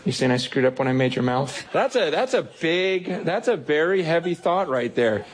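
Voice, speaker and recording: A pastor preaching a conversational sermon to a congregation, animated and acting out inner voices. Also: male voice, on the high side, moderate pace, slightly rough. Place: church stage.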